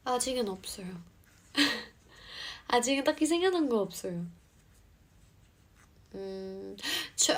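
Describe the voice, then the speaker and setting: Brief: young woman live-streamer, native English speaker, fast chatty patter, a little high, reads comments aloud on a phone. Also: background noise. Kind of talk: casual live-stream chat.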